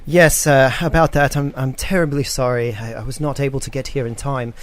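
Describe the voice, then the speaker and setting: A man's voice: mid-range voice, fairly even intonation, fairly quick, natural voice. A man voicing a composed, kind female town sheriff in a tabletop game, formal and apologetic.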